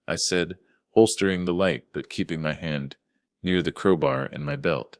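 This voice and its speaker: A man narrating a dramatic first-person thriller story in a tense, measured way. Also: a bass voice, no echo, clean studio sound.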